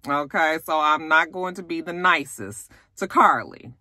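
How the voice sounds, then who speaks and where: Blunt, chatty recap host with a bright voice. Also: medium pitch, expressive, normal speed, hardly any pauses, dry recording, studio quality. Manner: candid, blunt and profane, chatty asides to viewers. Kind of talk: casual reality TV recap.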